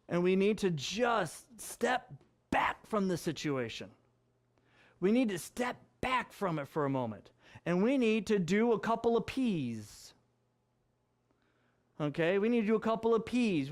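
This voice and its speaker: A male pastor preaching a conversational sermon, chatty and jokey, with frequent asides and laughter. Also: high-pitched.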